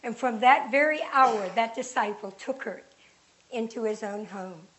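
A woman reading scripture aloud in a slow, measured, deliberate way. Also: a little high, a bit bright, rough recording. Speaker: reader.

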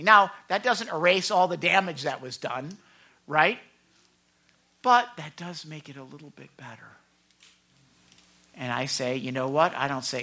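High, bright-voiced male pastor preaching. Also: lively intonation, normal speed. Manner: emphatic, swings between loud and hushed. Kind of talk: sermon.

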